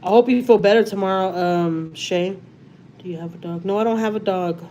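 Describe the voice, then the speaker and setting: A woman's voice: medium pitch, brisk, dark tone, slight background noise. A woman from Texas with a Texan accent, chatting casually on her live stream and reading out viewer comments. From Houston, Texas. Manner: chatty, reads out viewer comments, says y'all often. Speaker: livestream host. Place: home.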